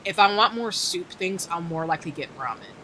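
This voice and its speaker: A woman's voice: fairly low pitch, expressive, brisk, sharp tone, slight background noise. A woman streamer chatting casually while gaming, telling a rambling story and laughing often, on a desk microphone.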